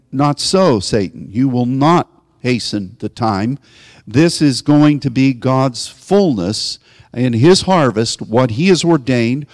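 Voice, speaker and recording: A man's voice: on the high side, a little mellow, studio quality. A man preaching a sermon as a pastor, shifting from conversational storytelling to emphatic exhortation. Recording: long hall reverb.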